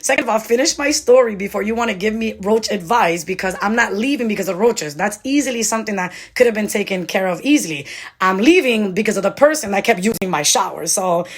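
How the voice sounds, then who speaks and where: A young woman vlogger telling a story in a casual, animated way, acting out the others' lines as she goes. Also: medium pitch, quick pace. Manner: animated, mimics others' voices in quotes.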